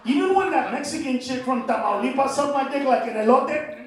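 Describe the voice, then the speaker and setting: Brash high-voiced male comic, echoey club. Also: brisk. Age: middle-aged. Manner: brash, profane, shouting punchlines; slips into Spanish phrases. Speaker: stand-up comedian. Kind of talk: stand-up set. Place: comedy club stage. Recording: echoey club, mic at a distance, crowd noise. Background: laughing crowd.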